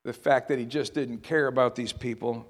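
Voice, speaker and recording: A man's voice: medium pitch, steady tone, moderate pace, in a large hall. A male preacher delivering a sermon in a conversational way, repeating words and asking rhetorical questions.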